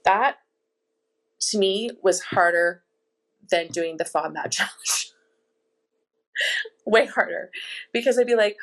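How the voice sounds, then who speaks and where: A middle-aged woman telling her story as an interview guest, animated, laughing now and then and acting out what others said. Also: mid-range voice, takes it slowly, gravelly, long pauses. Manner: animated, with laughs and quoted dialogue. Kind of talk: casual storytelling.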